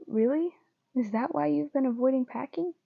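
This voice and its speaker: A woman's voice: high-pitched, normal speed, vocal fry, phone-quality sound, pitched above the performer's own voice. A woman reading a young boyfriend. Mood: remorseful. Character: young man, angry then remorseful boyfriend.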